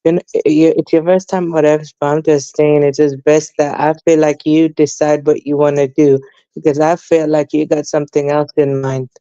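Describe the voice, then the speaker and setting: A man's voice: a little high, little pitch movement, normal speed, warm tone, clean tone, no room sound, dull audio. A young man with a London accent in casual chat, rambling and leaning on fillers like "basically" and "though.". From England. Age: young adult. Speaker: guest.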